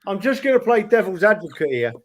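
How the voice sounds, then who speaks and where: A man co-hosting a football podcast, arguing a point as devil's advocate with halting restarts. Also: sits high, very animated. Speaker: podcast co-host. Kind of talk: casual football podcast chat.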